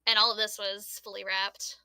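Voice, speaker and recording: A woman in a casual group voice call, chatting excitedly and laughing about a collectible she got in the mail. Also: medium pitch, moderate pace, smooth, no echo, low-quality recording. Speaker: book club member.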